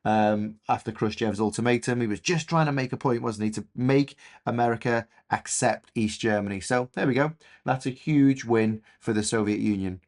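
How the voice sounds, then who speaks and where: English male teacher, mid pitch, chatty and enthusiastic, lots of fillers. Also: normal speed, a little mellow. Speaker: history teacher. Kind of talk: recorded revision lesson.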